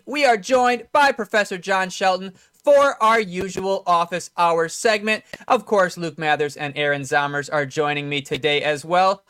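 Male talk radio host, somewhat high voice, upbeat and promotional, live call-in show. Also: normal speed, hardly any pauses, a bit bright, smooth, no room sound, studio quality.

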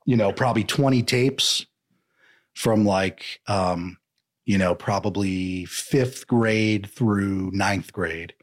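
Co-hosting a comedy podcast, a man with a lowish voice chats casually and slowly, rambling with lots of fillers.

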